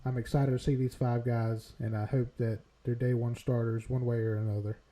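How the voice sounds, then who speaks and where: A man hosting a casual sports podcast with a very dark, mellow voice. He keeps it upbeat and loose, laughing often between thoughts. His tone is relaxed and friendly banter. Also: medium pitch, normal speed, low-quality recording. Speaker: podcast host.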